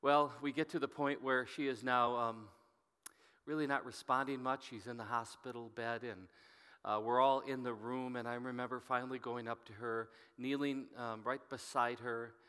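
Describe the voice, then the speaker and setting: A middle-aged man preaching as a pastor, telling a story in an earnest, halting way and often dropping to a hushed voice. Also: mid-range voice, fairly even intonation, smooth. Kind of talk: sermon storytelling. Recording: long reverb from a hall.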